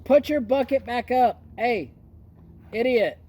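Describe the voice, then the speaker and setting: A man's voice: very high-pitched, takes it slowly, dark tone, breathy edge. A man ranting casually about the news as a vlogger, crude and mocking, talking outdoors near a horse. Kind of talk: casual political rant.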